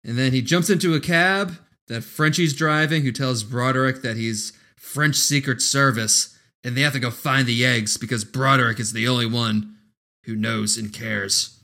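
A man's voice: medium pitch, fairly even intonation, normal speed, sharp tone. A man co-hosting a casual podcast, recapping a movie plot with sardonic, profane asides. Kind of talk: casual chat.

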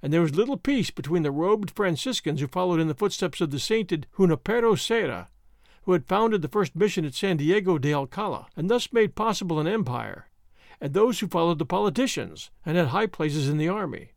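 A man reads a novel aloud as a dramatic storyteller. His voice sits high and moves a lot, and the recording is dry and close, with no room sound. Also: lively intonation, fairly quick, vocal fry, no echo. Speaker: audiobook narrator. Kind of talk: scripted narration.

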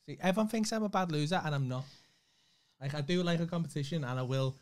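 A man's voice: on the high side, fast talker. A man co-hosting a comedy podcast, swearing freely and acting out quotes in casual banter. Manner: swears freely, laughs often, acts out quotes.

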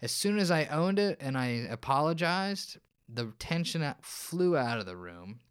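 A man's voice: a little high, lively intonation, moderate pace, clean tone. A man, a counselor guest on a podcast interview, explaining and telling stories with frequent restarts. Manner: explanatory, storytelling, many restarts.

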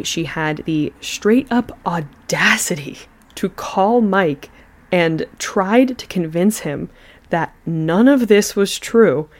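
A woman's voice: fairly low pitch, a little mellow. A woman hosting a podcast, telling a true crime story with chatty asides. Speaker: podcast host.

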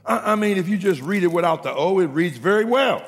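A man preaching a sermon in a church, often shouting and building rhythmic repeated lines, with a gravelly voice. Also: high voice, animated, fairly quick. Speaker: pastor. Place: church sanctuary. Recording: long reverb of a large hall.

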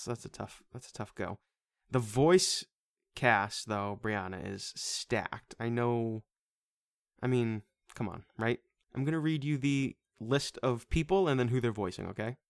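An excitable man chatting casually as a podcast co-host, cursing freely and breaking into laughter. His voice sits at a middle pitch and sounds close and dry, with no room echo. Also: clear, resonant tone. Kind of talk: casual movie-review chat.

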